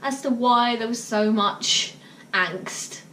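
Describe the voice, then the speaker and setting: Speaking slowly in a high, pushed, bright voice, a woman vlogger chats through a casual story to camera. She uses lots of fillers and breaks into bursts of laughter. It's recorded in a roomy space from a distant mic, with faint noise.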